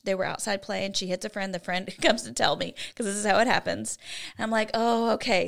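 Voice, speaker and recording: A woman's voice: medium pitch, gravelly. A woman co-hosting a faith-based parenting talk, teaching in an earnest way and often checking in with "right?". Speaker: co-host.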